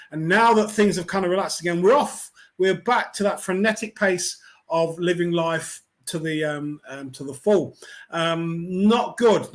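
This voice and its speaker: A middle-aged man from England hosting a weekly online talk, speaking in a reflective, unhurried, conversational way with many fillers and restarts. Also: on the high side, a bit bright. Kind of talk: reflective pastoral talk to camera.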